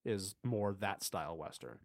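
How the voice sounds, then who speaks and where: A man's voice: deep voice, animated, normal speed, no room sound, studio quality. A man co-hosting a podcast in casual chat, enthusiastically retelling game scenes. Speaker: podcast co-host.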